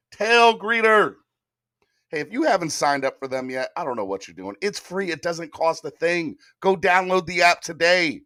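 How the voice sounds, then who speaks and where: A man hosting a sports live stream, talking in a hyped, animated way straight to his viewers. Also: a little high, no room sound, clean studio sound. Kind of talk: casual live-stream chat.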